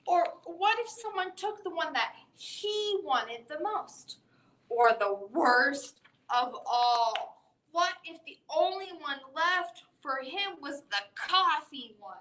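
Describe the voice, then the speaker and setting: A woman hosting a library storytime, reading a children's bedtime story in an expressive storybook voice with big swings for effect, then leading the kids through a song. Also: high-pitched, takes it slowly. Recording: echoey room.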